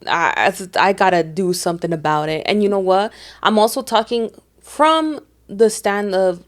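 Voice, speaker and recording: A woman's voice: mid-range voice, lively intonation, normal speed. A woman co-hosting a podcast in casual chat, earnest, slipping Spanish phrases into her English. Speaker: podcast co-host.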